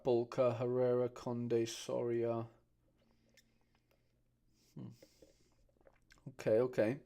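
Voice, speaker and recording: A young-sounding man hosting a relaxed stream. He chats loosely with his viewers, reads their comments aloud and keeps calling everyone mate. His pitch sits in an ordinary middle range. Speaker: host. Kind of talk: casual livestream chat.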